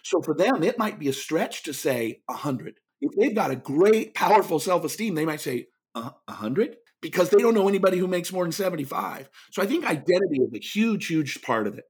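A man's voice: high voice, a little fast, hardly any pauses, breathy edge. A middle-aged man, a speaker and author, telling a long story in an interview and acting out the people in it. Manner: animated storyteller, acts out quoted voices.

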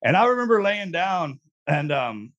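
Joking man, slightly high voice. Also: very animated, normal speed, fairly bright tone, dull audio. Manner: joking, self-mocking. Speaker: guest, Navy SEAL veteran. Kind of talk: casual storytelling.

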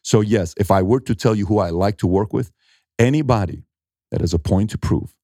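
A middle-aged man, an entrepreneur, telling animated stories in a conversational interview and acting out what people said. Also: fairly low pitch, fairly quick, dry recording, studio quality. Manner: animated storyteller acting out quotes, emphatic.

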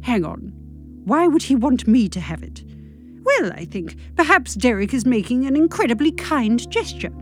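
A British woman reading comic fiction aloud. Her voice sits fairly high and swoops a great deal. She is brisk and wry, and she drops deadpan asides. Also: soft background music.

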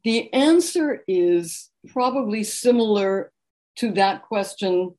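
A woman from New York, a guest author telling animated anecdotes in an interview. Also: medium pitch, slow. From New York, USA. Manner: animated anecdotal storytelling with laughter. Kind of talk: conversational interview storytelling.

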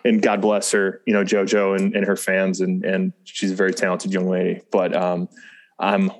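A middle-aged man with a low-set voice talks in easy casual conversation. He rambles, doubles back on his words and laughs lightly often. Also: completely flat delivery, moderate pace. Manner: rambling, self-interrupting, chuckles often. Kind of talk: casual chat.

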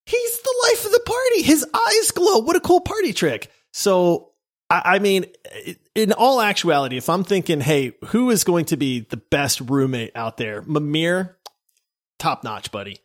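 A man hosting a gaming podcast, bantering in a jokey, animated way and quick to laugh. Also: sits high. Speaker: podcast host.

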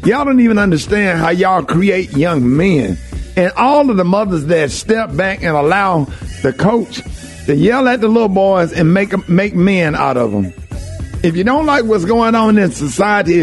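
An older man, hosting a morning radio show and delivering an impassioned monologue with a lot of emphatic repetition. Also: high-pitched. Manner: emphatic and preachy, repeats phrases for emphasis.

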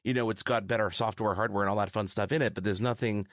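A man from Canada, a tech journalist guest, explaining in a measured way during casual chat. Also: fairly low pitch, fairly even intonation, no echo, clean studio sound.

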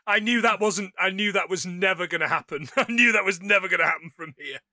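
A man appearing as a podcast guest, dropping wry, quick quips in casual chat. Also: high-pitched, bright, forceful tone, no echo, studio quality.

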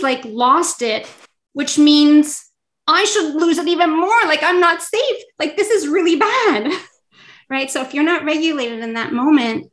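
A woman in her thirties talks as a guest on a parenting podcast. Her voice is mid-pitched and earnest. She sometimes slips into lively quoted voices. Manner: earnest, acts out quoted kids and adults in a higher voice. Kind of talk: casual interview chat.

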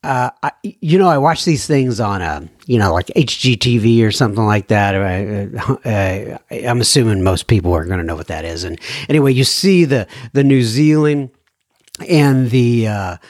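Podcast host, male, rambling and chatty, lively pitch, dry close mic. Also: moderate pace, dry recording. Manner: rambling, warm and chatty with stumbles and repeats. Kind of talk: casual podcast talk reading listener mail.

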